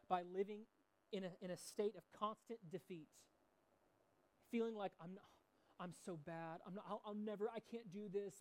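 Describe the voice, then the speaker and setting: A man's voice: sits high, a little mellow, dry recording, poor audio. A middle-aged man preaching a sermon in a conversational way, mixing scripture with personal stories. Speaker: pastor.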